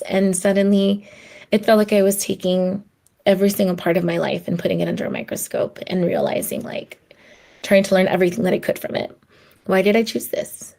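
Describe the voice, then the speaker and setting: A woman with a creaky, darkish, mid-range voice talks on her solo podcast. Her tone is heartfelt and conversational, and she voices the people she quotes.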